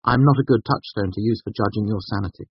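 A man reading an audiobook, voicing a wry, quick-witted young woman in a raised, lighter voice. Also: lowish voice, slightly rough, no echo, pitched above the performer's own voice. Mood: teasing. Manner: raised, lighter voice, playful and teasing. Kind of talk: audiobook character voice. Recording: slightly dull, dry recording.

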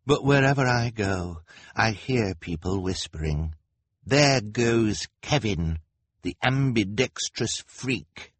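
A man plays a mopey, self-pitying young man in a storybook, drawn out and low. The delivery is husky and recorded dry, close to the mic. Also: expressive, slow pace, no room sound, full character voice. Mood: gloomy.

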